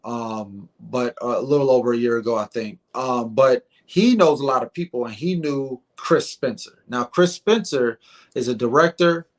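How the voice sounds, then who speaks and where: A middle-aged man telling a story in a casual interview, animated and acting out the dialogue, often repeating words. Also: mid-range voice, normal speed. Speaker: guest comedian.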